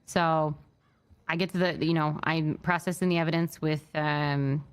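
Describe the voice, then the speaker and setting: A woman playing a state trooper in a roleplay, telling what happened in an upset but measured way, with many fillers and restarts. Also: low-pitched, fairly even intonation, clean tone. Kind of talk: in-character roleplay briefing.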